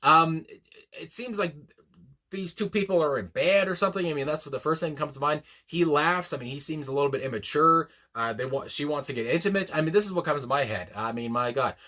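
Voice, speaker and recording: A man's voice: on the high side, a little fast, pushed and bright. A man hosting a music reaction video, rambling casually with lots of fillers, restarts and exclamations. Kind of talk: casual unscripted reaction commentary.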